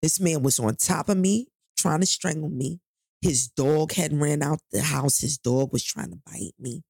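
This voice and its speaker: A woman, telling a personal story on a podcast in a casual, animated and profane way, acting out what people said. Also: low-pitched, unhurried, vocal fry, breathy edge, no room sound, clean studio sound. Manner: animated, profane, acts out quotes loudly.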